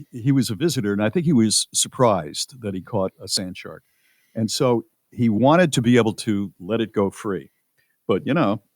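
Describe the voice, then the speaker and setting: A male radio host telling a story in a casual, animated way. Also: medium pitch, no echo.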